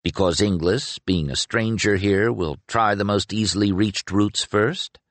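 A man's voice: fairly low pitch, a little slow, dry recording, natural voice. A man voicing an earnest, curious young sorcerer in an audiobook, reasoning eagerly with a slightly lifted voice. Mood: persuasive. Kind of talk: audiobook character reading.

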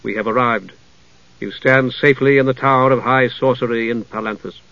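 A man's voice: medium pitch, steady tone, fairly quick, creaky, fairly bright tone, no echo. Brief: man reading a stern sorceress, cold and clipped, dry dull audiobook sound.

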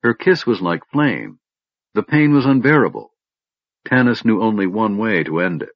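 A man's voice: on the low side, moderate pace, dry recording. Een man met een diepe stem die expressief een fantasyverhaal voorleest, levendige toon, doffe droge opname. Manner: expressive, dramatic storytelling. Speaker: audiobook narrator. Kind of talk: scripted fantasy narration. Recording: dull lo-fi recording.

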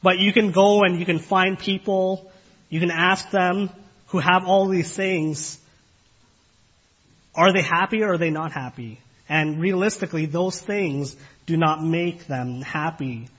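A man preaching a sermon in an earnest, measured way, asking the listeners questions and pausing often on fillers. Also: sits high, fairly bright tone, slightly rough. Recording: dull lo-fi recording.

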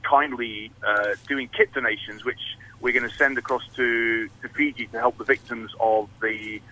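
A man's voice: mid-range voice, steady tone, moderate pace, sharp tone, slight background noise, poor audio. A man talking casually as a guest on a morning radio show, hesitant with many fillers and restarts. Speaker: rugby guest.

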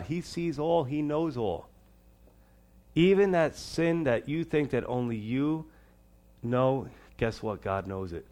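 A man preaching a sermon as pastor, shifting between loud, high emphasis and quiet, low asides.

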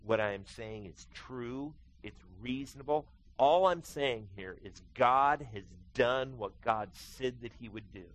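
A middle-aged man preaching a sermon as pastor, telling stories and acting out quotes with lively swings in his voice. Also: a little slow, hardly any pauses, a little hiss or hum, poor audio. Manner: animated storytelling preacher, acting out quotes with big pitch swings.

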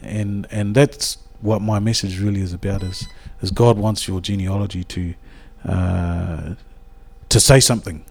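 New man, low and warm, rambling devotional talk with lots of hesitations. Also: fairly even intonation, measured pace, creaky. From New Zealand. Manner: rambling, with many hesitations and restarts. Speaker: speaker at a church gathering.

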